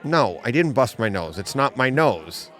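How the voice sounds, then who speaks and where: A man co-hosting a casual podcast chat in a comic book store, an animated storyteller who laughs at his own jokes. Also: mid-range voice, moderate pace, some chatter behind. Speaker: podcast co-host.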